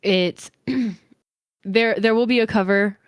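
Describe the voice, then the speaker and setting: A woman co-hosting a podcast in casual chat, speaking thoughtfully with frequent "um" pauses. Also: mid-range voice, steady tone, no echo, studio quality. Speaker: podcast co-host.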